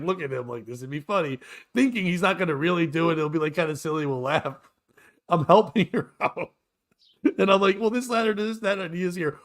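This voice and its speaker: Animated storytelling man. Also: on the high side. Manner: animated storyteller, acts out scenes. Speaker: co-host. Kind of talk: casual morning show chat.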